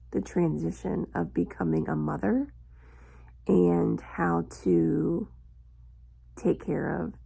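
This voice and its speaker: A woman in her thirties telling a personal story in a confessional vlog, slowly and reflectively, with long pauses. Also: fairly low pitch, gravelly, dark tone, husky. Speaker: vlogger.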